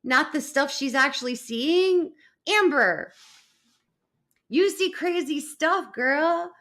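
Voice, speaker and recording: A woman's voice: high voice, expressive, takes it slowly, fairly bright tone. A middle-aged woman hosting a live online show, chatting casually and laughing as she rambles through stories. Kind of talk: casual live-stream chat.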